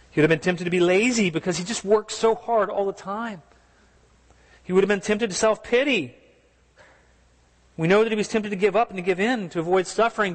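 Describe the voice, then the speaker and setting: A man's voice: fairly high pitch, big-room sound. A man preaching a sermon in an earnest, conversational way, asking his listeners questions as he goes. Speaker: pastor.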